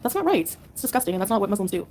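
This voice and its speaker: A woman's voice: medium pitch, big pitch swings, racing, darkish tone. A woman livestreamer answering her chat in a combative, sarcastic rant. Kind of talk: live-stream rant to chat.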